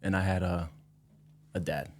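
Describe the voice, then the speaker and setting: A man in his thirties, a musician guest on a podcast, speaking in a relaxed, reflective, slangy way. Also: sits low, moderate pace. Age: 30s. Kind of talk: casual interview chat.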